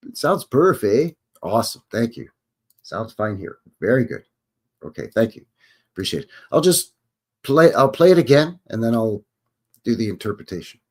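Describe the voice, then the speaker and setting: A man's voice: medium pitch, sing-song, moderate pace, a little mellow, slightly rough. A man hosting a live stream, reading song lyrics aloud and explaining them in a chatty, casual way. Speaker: host.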